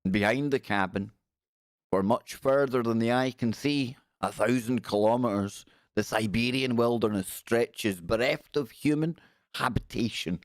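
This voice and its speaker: A man's voice: mid-range voice, measured pace, no room sound. A man hosts a casual livestream, wry and joking as he reads news aloud. His voice sits in a middle register. The sound is dry and close, with no room around it. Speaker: livestream host. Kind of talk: casual live-stream commentary.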